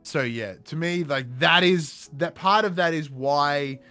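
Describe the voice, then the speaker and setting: A man hosting a podcast in casual chat, animated and emphatic, swearing offhand. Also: on the high side, measured pace, faint music behind. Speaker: podcast host.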